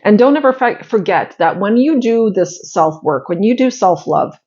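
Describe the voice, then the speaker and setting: A woman's voice: medium pitch, animated, normal speed, darkish tone. Woman in her 30s, spiritual host, chatty heartfelt pep talk to viewers, blunt now and then, slightly dull lo-fi sound. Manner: chatty, heartfelt, full of "like" fillers, blunt with swearing. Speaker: spiritual astrology channel host.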